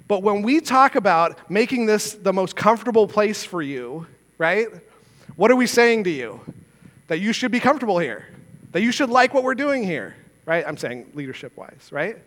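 Pastor guy preaching in church, high voice, lots of reverb, keeps asking "right?". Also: a bit bright. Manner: earnest, conversational preaching with rhetorical questions. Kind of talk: sermon. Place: church sanctuary.

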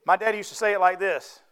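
A man's voice: high-pitched, a bit bright, clear, resonant tone. A man preaching a sermon, folksy and conversational, often asking the congregation to answer back.

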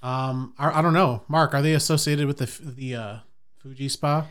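A man's voice: medium pitch, fairly even intonation, normal speed, a bit bright, clear, resonant tone. Male podcast guest, casual chat, blunt, teasing, joking.

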